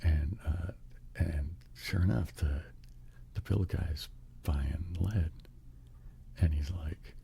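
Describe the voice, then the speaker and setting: A man's voice: a bass voice, slow, vocal fry, pauses often, mellow, slight background noise. A man telling a whispered ASMR bedtime story, rambling along with many fillers and restarts.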